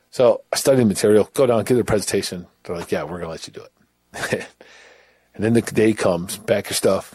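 A man's voice: fairly low pitch, darkish tone, husky, no echo. A middle-aged man who was once in prison, telling his story bluntly and candidly. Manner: candid, blunt, with laughs and restarts. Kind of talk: personal storytelling.

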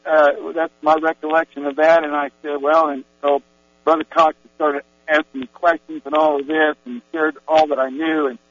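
Sharing his religious testimony as a Christian, this man rambles along with frequent fillers and restarts. His slightly high, fairly bright voice stays level at a moderate pace with no echo, though the recording sounds tinny and phone-like and carries mains hum.

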